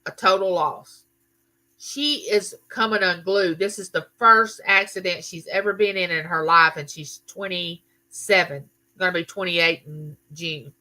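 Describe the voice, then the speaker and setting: A woman's voice: on the low side, a little slow, sharp tone. A middle-aged woman, telling a story in a casual live chat and answering viewers. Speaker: livestream host.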